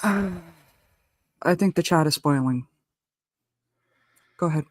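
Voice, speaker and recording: A woman's voice: deep voice, takes it slowly, darkish tone. A woman co-hosting a casual live-stream chat, talking bluntly and emphatically as she spells out her point. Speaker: co-host.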